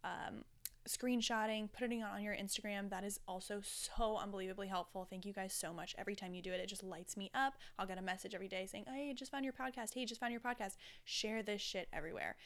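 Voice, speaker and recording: Chatty woman, smooth voice. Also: mid-range voice, fairly even intonation, fast, a bit bright. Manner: chatty, rambling, candid with casual swearing. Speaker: podcast host. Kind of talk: casual solo podcast chat.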